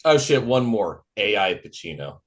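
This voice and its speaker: A man co-hosting a casual film podcast, dropping wry, deadpan jokes. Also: fairly low pitch, moderate pace. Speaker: podcast co-host.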